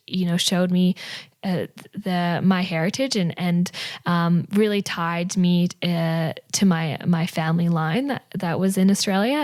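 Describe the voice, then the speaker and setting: Chatty young woman, low-ish pitch, casual interview storytelling, frequent "like" and "you know". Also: a little mellow. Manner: chatty, many fillers and 'like', 'you know'. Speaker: podcast guest.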